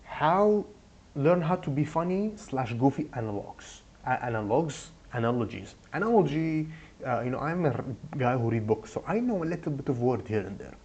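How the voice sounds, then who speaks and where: Goofy husky young man rambling. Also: medium pitch, big pitch swings, darkish tone, muffled recording. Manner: goofy, rambling, deliberately broken English. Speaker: advice vlogger. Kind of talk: casual advice talk.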